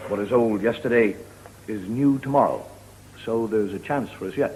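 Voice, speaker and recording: A man's voice: moderate pace, darkish tone. A middle-aged man with an Irish accent, telling stand-up stories with wry, lilting timing. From Ireland. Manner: lilting, wry, rising pitch in the punchlines. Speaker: stand-up comedian. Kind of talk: stand-up storytelling. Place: television studio with audience. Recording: noisy 1970s TV broadcast.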